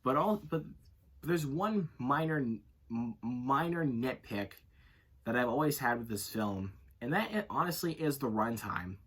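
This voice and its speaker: A man's voice: medium pitch, husky. A man giving a casual, unscripted movie review, rambling and correcting himself as he goes. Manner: rambling, self-correcting, leans on filler phrases.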